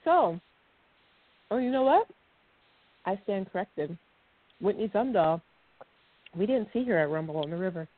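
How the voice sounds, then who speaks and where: A woman's voice: mid-range voice, animated, unhurried, pauses often. A woman co-hosting a podcast in a chatty, rambling way, laughing often. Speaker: podcast co-host. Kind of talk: casual chat. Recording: dry, phone-like sound.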